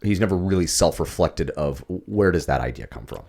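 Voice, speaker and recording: A man's voice: deep voice, animated, moderate pace, vocal fry, darkish tone. A man co-hosting a podcast, asking questions and thinking aloud about a film in casual chat. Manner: reflective, asks questions, thinks aloud with fillers. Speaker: podcast co-host.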